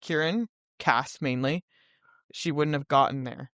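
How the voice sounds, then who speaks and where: A woman's voice: a bass voice, measured pace, fairly bright tone, dry recording, clean studio sound. A woman co-hosting a book podcast, reading a first-person passage aloud plainly and then discussing it. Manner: reads aloud plainly, short agreeing replies. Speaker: podcast co-host.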